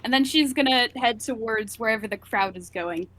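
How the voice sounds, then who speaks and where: Female player, bright and tense tone, faint room noise, chatty and giggly. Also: fairly high pitch, moderate pace. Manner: giggly, lots of "like". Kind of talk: casual tabletop play.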